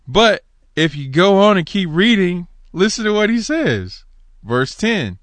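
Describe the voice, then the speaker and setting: A man giving an informal Bible teaching in an animated, conversational way, asking his listeners rhetorical questions and reading passages aloud. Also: sits high, measured pace, dry recording. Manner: reads scripture aloud.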